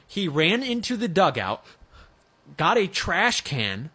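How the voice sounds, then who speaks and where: A man's voice: sits high, big pitch swings, measured pace, sharp tone, husky. A man hosting a sports radio show, chatting casually and joking, with frequent restarts.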